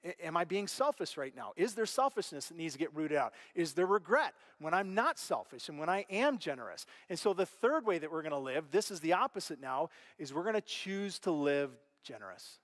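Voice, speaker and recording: A middle-aged male pastor preaching a sermon, telling stories with animated delivery and acting out voices, dropping to a hush and rising again. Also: on the high side, brisk, few pauses, in a large hall. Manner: animated storytelling, acts out quoted voices, big swings from loud to hushed. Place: church auditorium.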